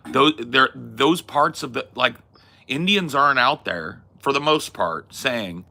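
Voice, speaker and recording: A man's voice: medium pitch, animated, unhurried, creaky, sharp tone. A man hosting a talk podcast, arguing his opinions emphatically with casual swearing. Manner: emphatic, swears, acts out quoted voices. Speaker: podcast host.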